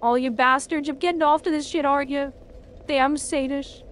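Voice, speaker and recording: A woman streaming a video game, reacting loudly and swearing freely at each twist of the fight. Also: high-pitched, normal speed, slight background noise. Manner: excitable, swears a lot, talks at the game. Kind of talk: live gameplay commentary.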